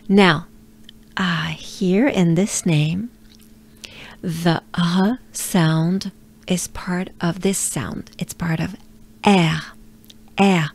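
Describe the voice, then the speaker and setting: A woman's voice: fairly low pitch, darkish tone. A French woman teaching pronunciation, repeating sounds patiently and encouraging the listener, with light laughs. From France. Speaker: pronunciation coach. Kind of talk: slow, patient pronunciation lesson.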